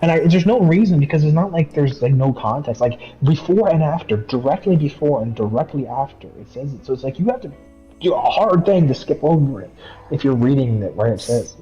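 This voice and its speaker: A man hosting a casual Bible study, arguing his points emphatically and reading verses aloud slowly. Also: on the high side, lively intonation, lo-fi sound, faint music behind. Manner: emphatic, talks over the other speaker, reads verses slowly. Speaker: host leading a Bible study.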